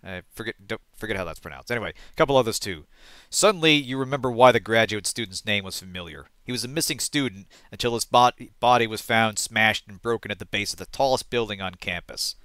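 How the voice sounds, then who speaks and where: A man hosting a let's play, reading game text aloud and thinking out loud, often trailing off and correcting himself. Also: lowish voice, fast talker, clean tone, no echo.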